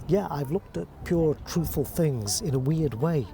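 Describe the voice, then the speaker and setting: A man teaching how to phrase verse, explaining calmly and reading lines aloud slowly and deliberately. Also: a little high, gravelly, a crowd in the background. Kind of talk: verse-speaking lesson.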